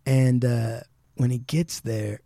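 A man hosting a podcast, casually retelling a life story and reading book passages aloud, dropping low and quiet for the dramatic parts. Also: fairly even intonation, takes it slowly, dry recording. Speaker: podcast host.

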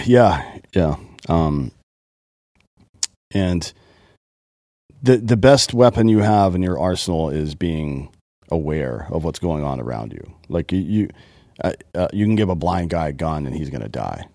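A man's voice: deep voice, expressive, unhurried, creaky, long pauses, mellow, no echo, studio quality. A man co-hosting a podcast in casual chat, blunt and profane, talking with heavy emphasis. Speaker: podcast co-host.

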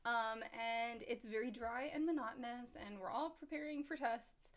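A woman with a high, light voice co-hosts a podcast in relaxed chat. She is a teacher, talks readily and laughs often. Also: normal speed. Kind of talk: casual chat.

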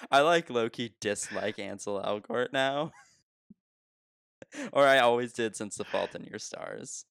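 A man's voice: mid-range voice, takes it slowly, gravelly, pauses often, sharp tone, clean tone, no echo, studio quality. A young man co-hosting a casual movie podcast, joking, swearing and laughing often. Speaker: podcast co-host.

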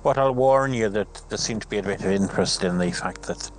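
Man doing a German-accented adventurer, hammy, very low voice, tabletop game character. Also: fairly quick, soft background music, lightly acted. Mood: advising. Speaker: player.

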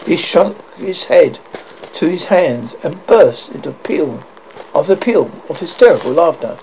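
A man with a high, gravelly voice that swoops all over as he reads a horror tale. He reads dramatically but trips on words and starts them again. The recording sounds dull and lo-fi. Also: animated, a little slow, mellow, slight background noise. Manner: dramatic reading with frequent stumbles and restarts. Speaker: horror host narrator. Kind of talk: reading a classic horror story aloud.

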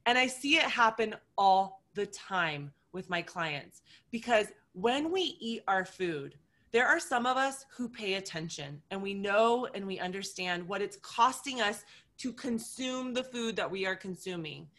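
A woman coach talks in an animated storytelling way, slipping into quoted inner voices to make her point. Her voice is bright and forward, pitched in an ordinary middle range. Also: measured pace. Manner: vivid, acts out scenarios with quoted inner voices. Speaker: nutrition coach.

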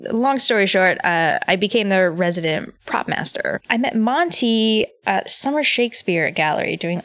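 A woman's voice: fairly low pitch, no echo, studio quality. A woman guest in casual conversation, chatty and laughing often as she tells her story. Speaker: podcast guest. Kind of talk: casual chat.

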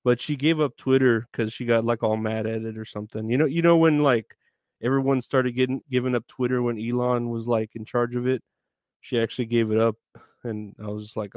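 A man chats loosely on his live stream, jumping between topics and joking. His voice sits at an ordinary pitch and sounds smooth and clear. The recording is dry, with no room sound. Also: steady tone, brisk, darkish tone, no room sound. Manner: rambling, joking, breaks into sung snippets. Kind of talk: rambling live-stream chat.

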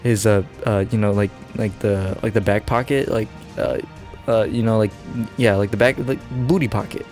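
A man's voice: on the low side, steady tone, normal speed, a little mellow, faint music behind. A man hosting a podcast, making up a silly story, rambling and laughing at himself. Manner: rambling, giggly, self-interrupting. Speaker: podcast host. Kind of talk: improvised comic storytelling.

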